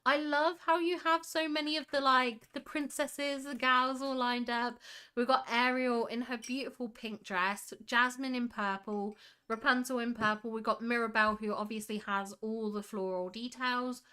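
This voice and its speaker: A woman's voice: a little high, fairly even intonation, moderate pace, bright, forceful tone, clear, resonant tone. A young woman hosting a casual livestream, reading chat and gushing over screenshots with frequent giggles. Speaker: livestream host.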